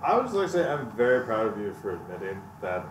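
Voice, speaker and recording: A man's voice: lowish voice, big pitch swings, fast talker. Wry, griping man in an echoey room. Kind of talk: casual chat. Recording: echoey room, distant mic, clear noise.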